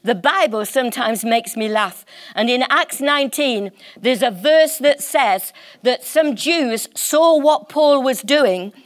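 Woman preacher, high voice, fervent and emphatic sermon delivery. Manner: impassioned, emphatic, slows on key words.

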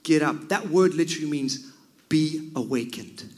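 A man preaching a sermon, swinging from loud cries down to near whispers. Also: fairly high pitch, normal speed.

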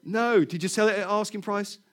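A middle-aged man preaching, telling a personal story in an animated way, laughing often and repeating words. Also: high-pitched, moderate pace.

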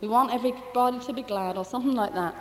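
A woman's voice: a little high, racing, slight background noise. A woman giving a rambling, fervent spoken testimony at a church meeting. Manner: rambling, fervent, with many restarts. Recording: hall reverb.

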